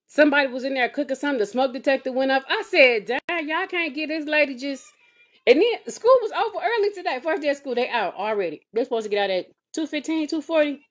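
Woman, mother, comedic vlog rant, sassy, exasperated, animated, big pitch swings. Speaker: mother of a kindergartner. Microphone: phone or webcam vlog.

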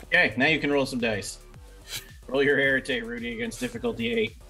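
A man running a tabletop role-playing game as game master, giving brisk, amused directions. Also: mid-range voice, bright, forceful tone, soft background music.

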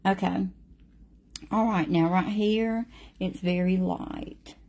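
A middle-aged woman with a drawl talks viewers through a watercolor painting at an unhurried pace. Her voice is low, gravelly and mellow, and she is chatty and friendly with her audience. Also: fairly even intonation. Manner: slow, chatty, speaks to viewers by name.

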